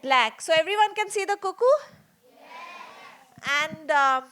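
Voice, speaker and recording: A woman's voice: very high-pitched, animated, measured pace, a bit bright, slight background noise. A woman telling a story to young children in a small theater, chatty and asking them lots of questions.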